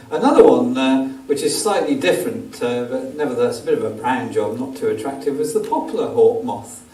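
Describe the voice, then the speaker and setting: A man's voice: mid-range voice, mellow. A man giving a rambling, self-deprecating slide talk about moths to a club audience, with many ums along the way. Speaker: guest speaker, wildlife photographer. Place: theatre auditorium. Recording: echoey hall from far off, faint hiss.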